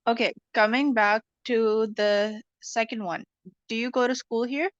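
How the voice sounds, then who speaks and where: Woman English teacher, online class, calm and explanatory, muffled dry audio. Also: a little high, a little slow, dry recording. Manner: patient, explanatory, frequent "okay" checks.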